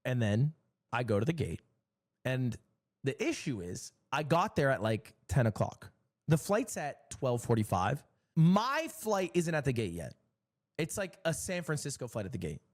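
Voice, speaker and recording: A young man streamer telling a long, exasperated story in a casual, swearing, animated way. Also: medium pitch, moderate pace.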